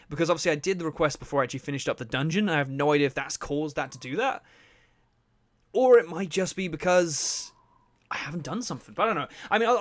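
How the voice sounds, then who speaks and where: A man gives loose, joking commentary while he plays a video game and swears freely. His voice sits fairly high and swings up and down a lot. Game music plays faintly underneath. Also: a bit bright. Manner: rambling, joking, swears a lot, laughs often. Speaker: let's play host. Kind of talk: casual gameplay commentary.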